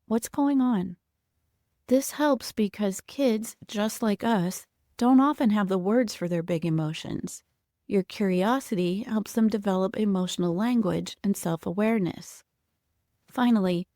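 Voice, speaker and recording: A middle-aged woman therapist calmly narrating a scripted educational podcast, gently voicing the caregivers she quotes. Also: medium pitch, dry recording, clean studio sound. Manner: calm, measured, gently acts out caregiver quotes.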